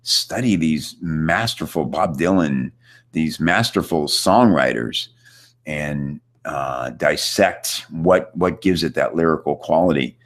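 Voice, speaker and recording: A man with a remarkably deep, low voice hosts a live online coaching chat. He talks in a loose, upbeat way, full of fillers, and speaks to viewers from his computer. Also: lively intonation, slow pace. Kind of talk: casual coaching chat, reading viewer questions. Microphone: computer setup with screen share.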